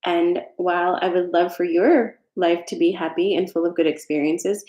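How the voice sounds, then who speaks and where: A woman's voice: on the low side, steady tone, moderate pace, hardly any pauses, warm tone. A woman hosting a casual live talk, speaking frankly and chattily, swearing freely and reading out viewer comments. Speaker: host. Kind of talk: casual live talk about self-care. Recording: roomy echo.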